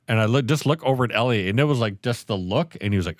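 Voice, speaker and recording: A man's voice: fairly low pitch, rapid-fire, no room sound, clean studio sound. A man in his thirties co-hosting a podcast, telling family stories in casual chat and swearing often. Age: 30s. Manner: animated storytelling, swears often. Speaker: podcast co-host.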